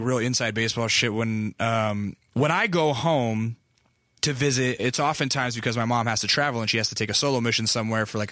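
A young man hosts a podcast and tells a long, loose, profane story that often stops and restarts. His voice is bright and forward, and the close mic gives it a dry sound with no room echo. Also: medium pitch. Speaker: podcast host. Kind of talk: casual storytelling monologue.

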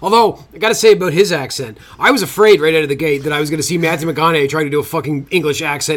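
A man's voice: on the high side, fast talker, few pauses. A man co-hosting a podcast, chatting casually about a film in a brash, joking way and swearing freely. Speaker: podcast co-host. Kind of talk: casual film review chat.

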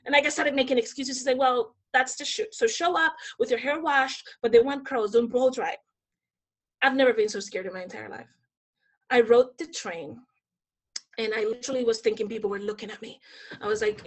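A woman from the Dominican Republic, a Spanish speaker, telling her personal story as an interview guest with lively acted-out quotes and many fillers. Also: on the high side, a little fast. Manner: animated, acts out quoted voices, many fillers.

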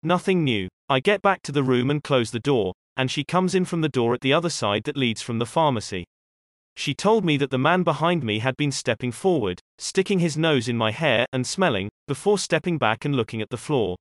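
A man reading posted first-person stories aloud as a narrator, in a steady, even storytelling manner. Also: medium pitch, a little fast, no echo, clean studio sound. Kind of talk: scripted narration.

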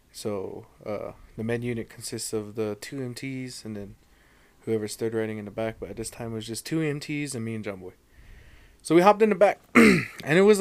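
A man's voice: medium pitch, no room sound. A man telling a spooky story from his work in laid-back podcast chat, swearing casually. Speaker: podcast guest.

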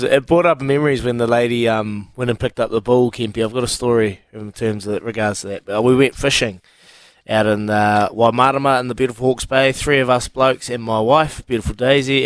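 A man's voice: mid-range voice, steady tone, fairly quick, no room sound. A man, co-hosting a breakfast radio show and telling a light story in teasing, casual banter. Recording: dry studio sound.

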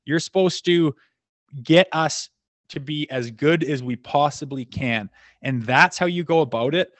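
A man's voice: a little high, measured pace, no room sound. Profane storytelling man, dry sound. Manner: profane, animated anecdotes acting out quoted dialogue. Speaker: podcast guest, former hockey enforcer. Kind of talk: casual storytelling chat.

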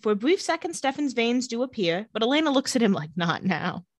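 A woman co-hosting a casual chat, retelling scenes and quoting characters in quick voices. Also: a little high, expressive, no room sound. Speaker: podcast co-host recapping a TV episode.

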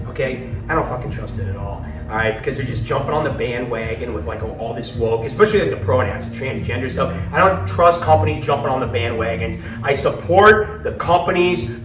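A profane male stand-up comic, heard from some distance in an echoey live venue. He drops into low mutters, then pushes out loud punchlines, with music playing behind him. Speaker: stand-up comedian. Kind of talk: stand-up comedy set.

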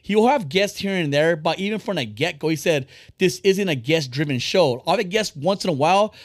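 A man hosting a casual podcast, talking fast and bluntly, rambling and swearing freely. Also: on the high side, lively intonation, no echo, clean studio sound. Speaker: podcast host.

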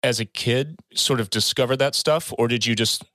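A man's voice: mid-range voice, normal speed, pushed and bright, no room sound, clean studio sound. A man co-hosting a podcast, asking thoughtful, curious questions in a casual chat. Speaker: podcast co-host and musician.

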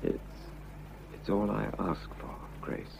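An actor playing an unhappily married man who confesses his love, earnest and halting, in a vintage radio drama. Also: lowish voice, creaky, darkish tone, a little hiss or hum, exaggerated voice. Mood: earnest pleading. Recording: dull lo-fi old radio recording.

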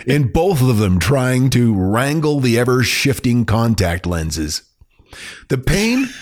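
A man hosting a podcast, reading a listener's funny email aloud with amusement and often breaking into laughter. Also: medium pitch. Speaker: podcast host.

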